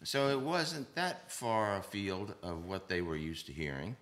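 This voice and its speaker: A man's voice: sits low, a little slow. Older man telling drum stories. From United States. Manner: animated, sings rhythms aloud, hisses percussion sounds. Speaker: drummer on the album, panel guest. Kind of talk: anecdotal storytelling on a panel. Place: stage panel before an audience.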